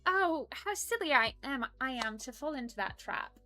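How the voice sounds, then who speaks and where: A woman's voice: high-pitched, expressive, moderate pace, bright, forceful tone, soft background music. A woman voicing a prim, polite persona who reads live-stream chat aloud and apologizes often. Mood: prim chatty. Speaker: stream co-host reading chat.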